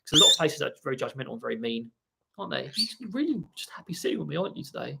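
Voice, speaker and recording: Guy doing a chatty parrot live stream from home, kinda high voice with lots of gravelly fry, rambles and talks to his birds. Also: sing-song, racing, very noisy. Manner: chatty and rambling, reads viewer comments, coos asides to his parrots. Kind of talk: casual live-stream chat and Q&A.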